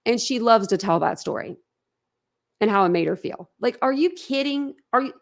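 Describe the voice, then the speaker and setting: This livestream host, a woman, talks at normal speed with a slightly high voice and lively intonation. She chats frankly and casually with viewers, laughing a lot and rambling.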